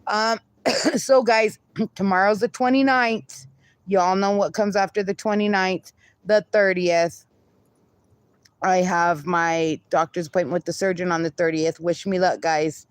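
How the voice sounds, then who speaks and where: A woman's voice: lowish voice, steady tone, measured pace, no room sound. A woman hosting a casual livestream, reading viewer comments aloud with frequent laughs and casual swearing. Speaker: livestream host.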